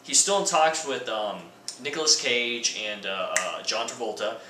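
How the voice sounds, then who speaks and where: A man's voice: mid-range voice, a little slow, sharp tone, slight background noise. A man vlogging a comedic rant, with a sarcastic, joking and rambling delivery. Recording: roomy echo from a distant mic.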